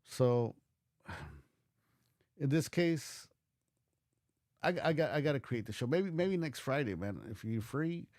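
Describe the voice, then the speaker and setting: Mellow-voiced man rambling on a livestream. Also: medium pitch, sing-song, slow pace, pauses often, dry recording, studio quality. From United States. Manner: rambling, many restarts and fillers; blunt, swears casually. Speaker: livestream host. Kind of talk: casual livestream reaction commentary.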